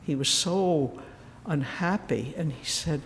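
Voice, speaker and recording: A woman's voice: low-pitched, measured pace, a little hiss or hum. A woman speaks at a spiritual retreat in a storytelling manner, voicing each person she quotes and letting some lines fall to a near whisper. The sound carries a long reverberant tail, as in a hall. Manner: storytelling, acting out quoted voices, dropping to a whisper.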